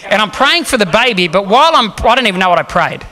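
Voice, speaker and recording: Bright-voiced, animated male preacher. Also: sits high, fast. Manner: animated storytelling that acts out the quotes. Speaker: guest preacher. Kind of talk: sermon.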